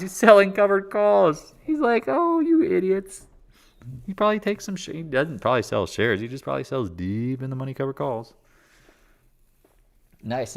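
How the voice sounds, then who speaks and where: Man, live market stream host, sarcastic ranting, lively swooping pitch, talking from his living room. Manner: ranting, sarcastic, swings loud and soft, mocks others in put-on voices. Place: living room home office.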